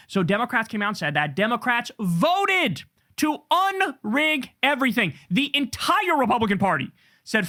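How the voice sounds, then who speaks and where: A man delivers a heated political rant, swearing freely and dripping with sarcasm. His pitch leaps up and down with animated emphasis. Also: normal speed. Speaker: political commentator. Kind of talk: ranting commentary.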